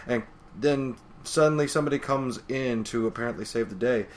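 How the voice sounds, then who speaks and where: A man co-hosting a podcast, calmly recapping a manga chapter in a low-key, casual way. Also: a little fast. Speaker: podcast co-host.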